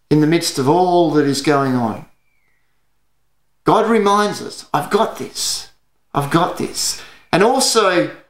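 A man's voice: sits high, roomy sound. An Australian man preaching an earnest sermon as pastor, telling stories to his church.

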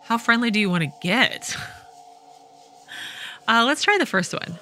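A woman's voice: fairly high pitch, expressive, a little slow, bright, forceful tone, soft background music. A woman hosting a let's play, wryly reading the game's dialogue aloud and commenting as she plays. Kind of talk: casual gameplay commentary.

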